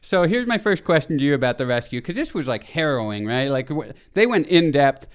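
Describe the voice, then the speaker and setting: A man's voice: on the high side, sing-song, a little fast, smooth. A man in his thirties co-hosting a podcast, talking casually and animatedly, laughing often and rambling with restarts. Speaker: podcast co-host. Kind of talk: casual chat.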